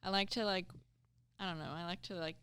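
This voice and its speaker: Gravelly-voiced female podcast co-host. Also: fairly low pitch, fairly even intonation, fairly quick, a bit bright. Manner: giggly, trailing sentences. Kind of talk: casual podcast chat.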